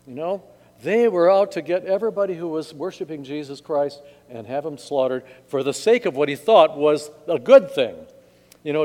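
A man's voice: on the high side, darkish tone. A male pastor reading scripture and preaching a conversational sermon with jokes in a church sanctuary. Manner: conversational, joking. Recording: long church reverb.

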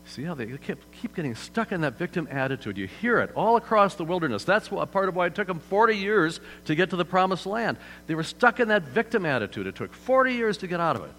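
A man's voice: high voice, sing-song, a little fast, a bit bright. A man preaching a sermon as pastor in a church hall, conversational, often turning to the audience with questions. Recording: hall reverb, faint mains hum.

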